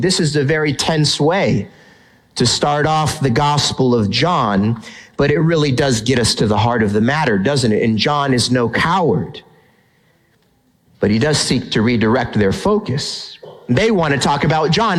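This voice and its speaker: Guy preaching a sermon, kinda high voice, emphatic and chatty, lots of rhetorical questions. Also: expressive, normal speed, poor audio. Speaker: pastor.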